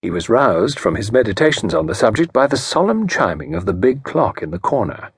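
A man reads an audiobook in a measured, expressive way, his husky voice moving freely up and down. The recording is dry and close, with no room sound. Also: mid-range voice, no room sound. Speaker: audiobook narrator. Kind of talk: scripted narration.

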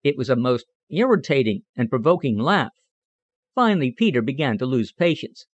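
A man narrating a children's animal storybook in a clear, measured storytelling manner. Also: medium pitch, very animated, dry recording, dull audio. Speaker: audiobook narrator.

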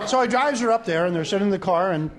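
A man rattles through off-color jokes in a high voice that swoops up and down. He drops into little character voices and keeps chuckling at his own punchlines. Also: lively intonation, fast, a faint crowd. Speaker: comedian telling jokes. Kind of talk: stand-up joke telling.

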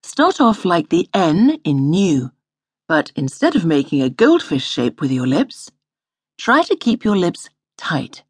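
A woman with a low, husky voice leads a scripted language lesson. She speaks slowly and patiently, and her pitch moves a lot as she models each word. The studio sound is dry and close. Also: sing-song, dry recording. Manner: patient, slow model pronunciation. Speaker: language course instructor.

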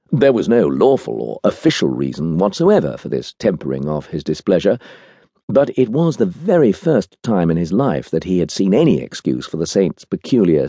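Deep voiced guy narrating an audiobook, wry and expressive, dry close studio sound. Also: husky, no room sound.

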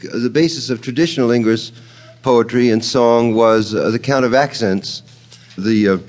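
A man's voice: on the low side, slow, long pauses. A man giving an informal lecture on poetry, thoughtful and digressive, sprinkling in uh fillers and tapping out rhythms with ta-ta syllables. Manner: frequent uh fillers, chuckles at own remarks. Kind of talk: informal spoken lecture on poetics.

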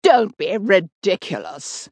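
A woman's voice: medium pitch, sing-song, slow, darkish tone, breathy edge, no room sound, full character voice. A woman voicing a fierce, bossy old witch who hurls scornful insults, in a close dry studio recording.

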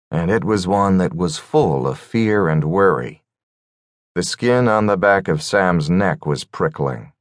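Deep-voiced male audiobook narrator. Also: no room sound, clean studio sound. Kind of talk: scripted narration.

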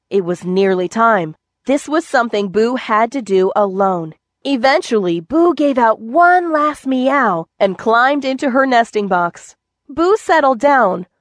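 Gentle woman reading a kids' story. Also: fairly high pitch, no echo. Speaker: audiobook narrator. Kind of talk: scripted narration of a children's book.

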